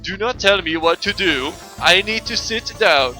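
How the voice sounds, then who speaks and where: A man's voice: high-pitched, animated, a little slow, bright, forceful tone, pitched above the performer's own voice, heavily acted. A man doing a haughty North European passenger. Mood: indignant. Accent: put-on North European. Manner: stiff, haughty, clipped declarations. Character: irritable pompous middle-aged male airline passenger. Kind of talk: video game voice-over reading. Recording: game music playing underneath.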